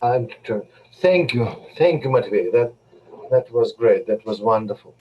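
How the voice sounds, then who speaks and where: A man's voice: medium pitch, expressive. Hesitant male host, dull sound. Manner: hesitant, halting. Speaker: event host. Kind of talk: hosting a Q and A.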